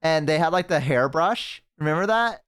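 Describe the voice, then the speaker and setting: A man's voice: fairly high pitch, lively intonation, moderate pace, fairly bright tone, smooth. A man streaming, chatting casually, joking and rambling with crude humor.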